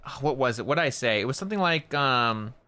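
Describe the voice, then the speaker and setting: Man, bright animated streamer. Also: mid-range voice, fast talker, clean tone. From Canada. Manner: animated storytelling, laughing and swearing. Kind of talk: casual gameplay chat.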